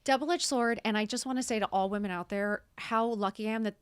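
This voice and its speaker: A woman's voice: fairly high pitch, fast talker, clear, resonant tone. A middle-aged woman telling her story candidly as a podcast guest, blunt and swearing freely.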